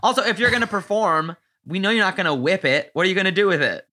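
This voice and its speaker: A man hosting a podcast in casual chat, joking and swearing in quick banter. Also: sits high, pushed and bright. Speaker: podcast host.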